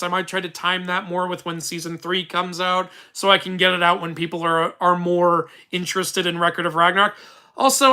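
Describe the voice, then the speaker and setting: A man's voice: high voice, bright, forceful tone, clear, resonant tone. A young man hosting a casual live-stream Q&A from his room, talking into a phone, rambling with restarts and laughing as he tells stories. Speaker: YouTube mythology channel host.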